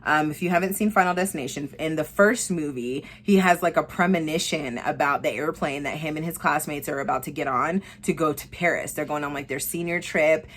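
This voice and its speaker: A young woman vlogger with a low voice recommends movies in a loose, casual way. She gets excited, swears freely and keeps saying "like". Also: brisk, hardly any pauses.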